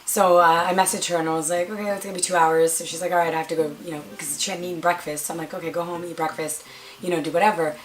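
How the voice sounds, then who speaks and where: A woman's voice: level tone, very fast, slight background noise. Chatty young woman telling a story. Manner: chatty, self-dramatizing, acts out quotes in a higher voice. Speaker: vlogger. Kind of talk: casual storytime vlog.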